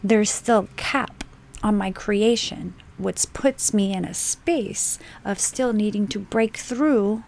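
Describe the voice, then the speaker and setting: Slow, gravelly-voiced woman preaching. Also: mid-range voice, a little mellow. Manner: emphatic, swears for stress, slow deliberate phrasing. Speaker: spiritual channel host. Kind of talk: unscripted spiritual monologue.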